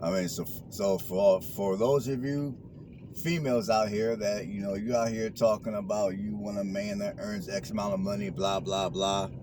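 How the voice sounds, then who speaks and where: Man with a low voice talking slangy advice. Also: fairly even intonation, normal speed. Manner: preachy, repeats phrases, street slang. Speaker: vlogger. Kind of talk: casual talk while driving. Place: in a car. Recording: car noise behind.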